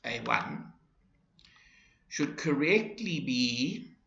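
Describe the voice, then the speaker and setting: A man teaching an English lesson, explaining slowly and deliberately to his class. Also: mid-range voice, lively intonation, bright, forceful tone. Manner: deliberate, with acted example phrases. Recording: roomy, dull lo-fi recording.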